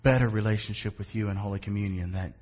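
A pastor closing his sermon and leading a prayer in an earnest, unhurried, softly prayerful way. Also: fairly low pitch, fairly even intonation, highs cut off.

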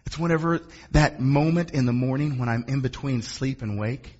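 A man preaching a sermon as pastor, animated and calling on the congregation to answer back. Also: medium pitch, normal speed, husky, muffled recording. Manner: animated preaching with call-and-response asks of the congregation.

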